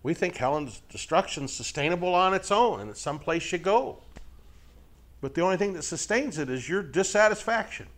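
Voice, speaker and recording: Lively, folksy male preacher. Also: sits high, brisk. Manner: asks frequent rhetorical questions and tag checks; folksy, lively, jokes with listeners. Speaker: Bible teacher. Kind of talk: conversational sermon to a live group.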